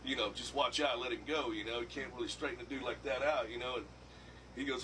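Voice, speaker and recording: Profane fast-talking man telling a tale. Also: mid-range voice, fairly even intonation, background noise. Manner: rambling, swearing, acts out other people's lines. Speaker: musician telling a story. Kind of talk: clip of a profane anecdote. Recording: distant mic with loud background ambience.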